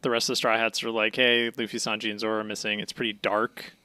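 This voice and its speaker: A man's voice: lowish voice, little pitch movement, quick pace, bright, forceful tone, clean tone. A man co-hosting a podcast, casually recapping with jokes and swearing. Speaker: podcast co-host. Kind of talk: casual chat.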